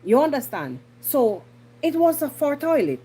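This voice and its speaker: A woman's voice: high voice, sing-song, moderate pace, warm tone. A woman from Jamaica with a Jamaican accent, hosting a podcast with indignant casual commentary and repeating herself for emphasis. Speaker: podcast host.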